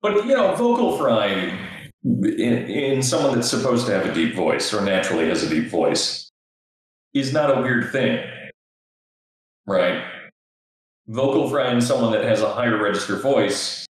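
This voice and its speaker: A man's voice: mid-range voice, big pitch swings, unhurried, long pauses, very echoey, low-quality recording. A man co-hosting a podcast in casual chat, laughing often and explaining things in loose bursts. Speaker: podcast co-host.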